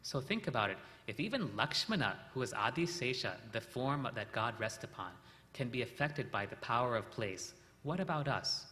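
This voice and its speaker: A man voicing a gentle, reassuring divine prince in a story, speaking in a soothing, explanatory way. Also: medium pitch, lively intonation, normal speed. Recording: reverberant hall.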